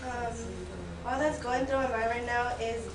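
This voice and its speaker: Subdued teen girl, flat delivery. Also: a little high, moderate pace. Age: teenager. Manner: strained, subdued. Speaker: student giving public comment. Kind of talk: public testimony. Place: public board meeting room. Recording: echoey meeting room from far off, noisy.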